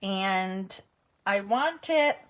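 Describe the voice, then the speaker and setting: A woman's voice: medium pitch, expressive, extremely slow. A woman hosting a live card-making tutorial, chatting with viewers in a giggly, chatty way. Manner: chatty, giggly, breaks into helpless laughter. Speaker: card-making livestream host.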